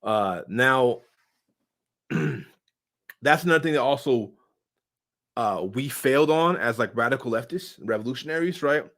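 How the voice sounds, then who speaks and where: A man casually answering viewer comments in a loose, slangy, rambling way, full of fillers and sudden swings in loudness. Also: mid-range voice. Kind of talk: casual unscripted political commentary.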